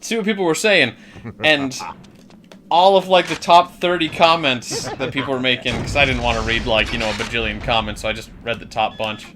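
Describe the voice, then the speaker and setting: A man's voice: medium pitch, normal speed, background noise. A man chatting casually while a friend plays a video game, rambling with fillers and laughing often. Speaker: co-host of a game playthrough. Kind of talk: casual gaming chat. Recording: game music behind voices.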